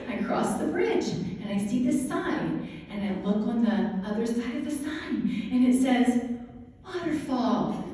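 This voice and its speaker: A woman telling a personal story as a motivational talk to an audience, lively and laughing often. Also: fairly high pitch. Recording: echoey hall from far off, faint noise.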